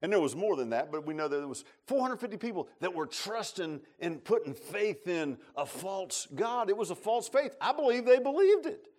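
A man's voice: high voice, animated, moderate pace, few pauses, a little mellow. A man preaching a sermon in a folksy, storytelling way, with sarcastic humor.

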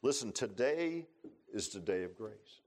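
A man preaching a sermon in a church, telling stories in a folksy way and swinging between loud rises and quiet low passages. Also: animated, unhurried. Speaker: pastor. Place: church sanctuary.

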